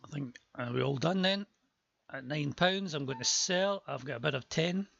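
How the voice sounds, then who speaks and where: A man's voice: fairly high pitch, expressive, moderate pace, creaky, fairly bright tone, no room sound, highs cut off. A man calling a live auction stream, chatty with joking asides, his voice worn from a long day before.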